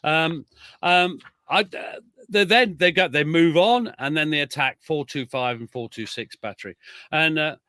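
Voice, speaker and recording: A man from Chesterfield, England, a military historian telling wartime stories in an animated, conversational way. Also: fairly high pitch, unhurried, no echo, studio quality. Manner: lively, reads veterans' accounts aloud with emphasis.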